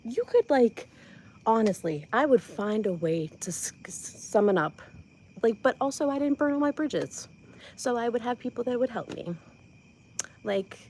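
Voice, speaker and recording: A woman's voice: on the high side, a little mellow, a little hiss or hum, low-quality recording. Giggly, rambling woman from Ohio. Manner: giggly, stammering, scattered. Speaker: comedian. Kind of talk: rambling comedic commentary. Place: outdoors at her home, by the porch.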